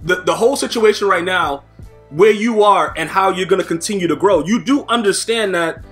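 A man hosting a casual interview, asking halting questions with many restarts. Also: high-pitched, a bit bright, soft background music. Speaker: host.

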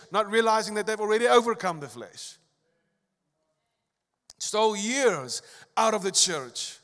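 Pastor guy preaching, kinda high voice, big echoey church hall. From South Africa. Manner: preaching with emphatic rises and soft asides. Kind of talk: sermon. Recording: long church hall reverb.

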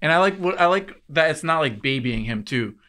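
A man's voice: on the high side, expressive, brisk, sharp tone. A man co-hosting a casual podcast, thinking aloud with many fillers. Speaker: podcast co-host.

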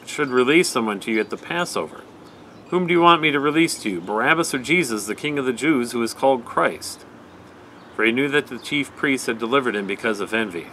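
A man leading a night prayer service, giving a measured, even scripture reading. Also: medium pitch, a little hiss or hum, poor audio.

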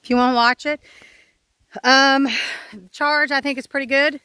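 A woman's voice: sits high, flat delivery, normal speed, pushed and bright, no room sound. A woman homesteader, talking frankly to her phone outdoors on her farm, rambling with sighs and fillers. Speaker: homesteader vlogger. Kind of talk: casual talk to camera.

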